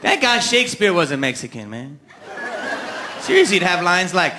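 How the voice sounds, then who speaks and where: A man performing a stand-up comedy routine on a live stage, telling stories with animated punchlines into a handheld mic. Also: high voice, moderate pace, long pauses. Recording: live club recording with crowd laughter.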